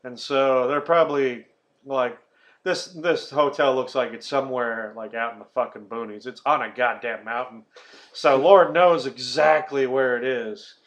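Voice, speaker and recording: A man hosting a podcast in casual chat, swearing often as he retells a film with animated energy. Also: medium pitch, unhurried. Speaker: podcast host.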